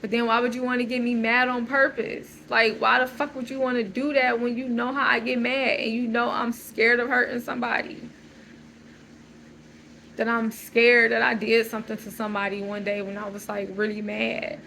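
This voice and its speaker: A woman's voice: a little high, flat delivery, moderate pace, creaky, sharp tone, a little hiss or hum, low-quality recording. A woman in an unscripted emotional monologue, rambling and agitated, repeating "like" as she talks. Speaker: vlogger.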